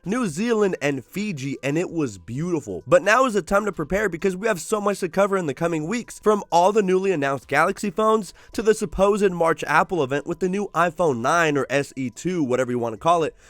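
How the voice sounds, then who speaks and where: A man's voice: high voice, lively intonation, brisk, hardly any pauses, a bit bright, dry recording. A man with a sore throat gives an upbeat, wry tech review voice-over.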